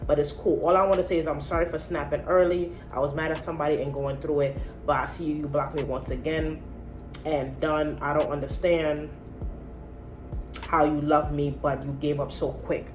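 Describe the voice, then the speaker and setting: A woman voicing a sulking, self-pitying adult man, an ex-lover, reading his texts in a low, quiet, mopey voice. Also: level tone, moderate pace, reverberant, music in the background, close to an everyday voice, poor audio. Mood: sulky.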